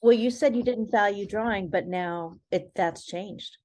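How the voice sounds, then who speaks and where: A woman's voice: medium pitch, measured pace, a little mellow. A woman hosting a podcast interview who asks short questions and gives brief, encouraging responses. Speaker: podcast host.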